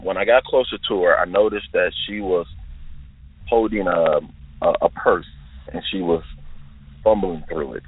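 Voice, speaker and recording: Deep husky man on a tinny phone line. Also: normal speed, long pauses, no echo. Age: 20s. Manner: careful, detailed, earnest storytelling. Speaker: listener sharing an encounter. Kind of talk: recounting a personal eerie experience.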